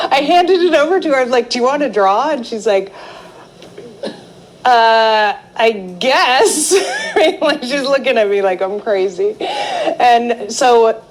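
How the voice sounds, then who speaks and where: A middle-aged woman teaching a live art therapy class, telling a personal story in a chatty, animated way. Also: on the high side, slight background noise, poor audio. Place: indoor class or seminar room.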